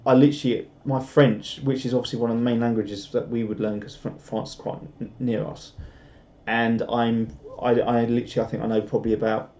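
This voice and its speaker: Rambling British man, mellow lo-fi voice. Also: mid-range voice, little pitch movement, brisk. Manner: rambling, self-deprecating, chuckles often. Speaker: YouTuber hosting a live stream. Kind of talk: casual live-stream chat reading viewer comments. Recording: dull lo-fi stream audio.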